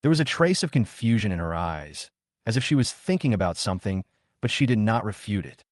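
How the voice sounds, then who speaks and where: A man narrating a dramatic story recap in an expressive way. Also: fairly low pitch, brisk, dry recording, studio quality.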